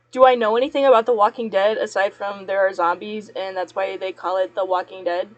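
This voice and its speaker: Chatty young woman rambling to viewers. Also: on the high side. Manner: chatty, rambling, laughs often. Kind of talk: casual chat while working.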